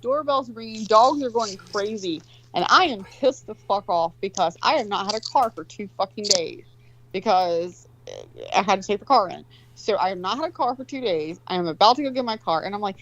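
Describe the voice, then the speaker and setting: A woman's voice: a little high, muffled recording. Profane rambling storyteller woman. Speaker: co-host telling a story. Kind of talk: casual chat.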